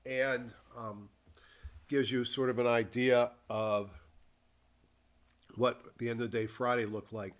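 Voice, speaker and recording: A man at an everyday mid pitch talks through his weekly market review, slow and unhurried. He thinks aloud, filling the gaps with ums and short pauses as he walks through charts. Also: little pitch movement. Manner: reads a formal disclaimer. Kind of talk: dictated screen-share market commentary.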